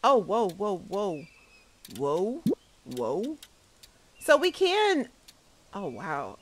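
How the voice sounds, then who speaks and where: Lively, animated woman gaming streamer. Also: mid-range voice, drawn-out words, poor audio. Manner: animated, laughs often, talks to viewers. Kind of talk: casual gaming commentary to chat.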